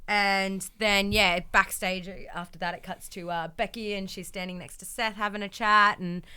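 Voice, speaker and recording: A woman's voice: medium pitch, fairly even intonation, normal speed, sharp tone, clear, resonant tone. A woman co-hosting a podcast, recapping wrestling episodes in a chatty way full of ums and acted-out quotes. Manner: chatty, lots of ums, acts out quotes in voices. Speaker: podcast co-host. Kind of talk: casual wrestling recap chat.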